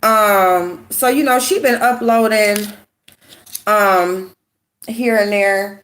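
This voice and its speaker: A woman with a sick, hoarse voice chatting casually with viewers while doing her makeup, greeting them by name and gossiping. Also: medium pitch, slow pace, fairly bright tone, a little hiss or hum. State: sick, hoarse voice with a runny nose. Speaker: YouTube commentary host.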